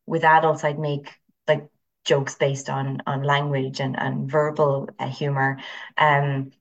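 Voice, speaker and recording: A woman with an Irish accent, a teacher speaking as an interview guest and telling animated stories from her classes. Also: very deep voice, takes it slowly, dull audio. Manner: animated storyteller, acts out voices. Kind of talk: conversational interview.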